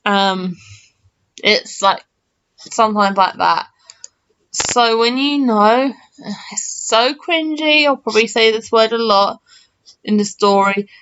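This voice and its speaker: A gaming channel host in her early twenties tells a story to camera, chatty and rambling, full of fillers and restarts. Her voice is on the high side, fairly bright, clear and resonant, and she speaks slowly with long pauses. The mic sounds slightly muffled and lo-fi.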